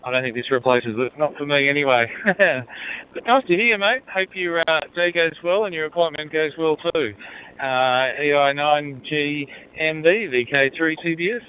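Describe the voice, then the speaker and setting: A man's voice: a little high, normal speed, smooth. An Australian man chatting casually over a handheld radio in his car while driving home, friendly and easygoing. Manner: friendly, easygoing, says mate often. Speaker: amateur radio operator. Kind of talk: casual radio contact chat. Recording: narrow-band two-way radio audio.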